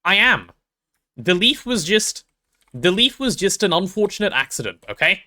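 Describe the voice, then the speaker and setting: A man's voice: high-pitched, very animated, moderate pace, sharp tone. A young man chatting casually while streaming a game, rambling and playful with self-deprecating stories. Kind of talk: casual gaming stream chat.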